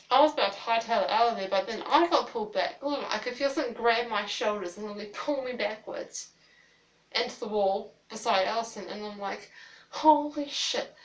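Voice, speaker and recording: A woman's voice: a little high, recorded from a distance. A woman telling a ghost story in a casual storytime vlog, rambling with lots of "like" fillers and casual swearing. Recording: roomy, a little off-mic.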